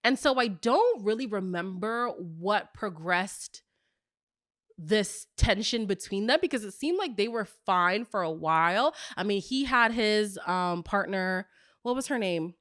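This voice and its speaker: A woman hosts a gossipy recap show, telling the story in a lively, animated way and dropping now and then into hushed asides. Her voice sits at a middle pitch. The recording is dry and close, with no room sound. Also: a little slow, no echo. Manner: animated storyteller, acts out quotes with big pitch jumps. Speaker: host of a reality TV recap show. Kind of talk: casual gossipy recap chat.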